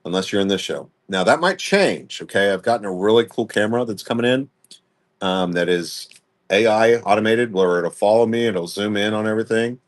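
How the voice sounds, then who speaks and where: A man's voice: lowish voice, animated, brisk. A young adult man hosting a live-stream sale, talking bluntly and casually and laughing often. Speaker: live-stream jewelry seller.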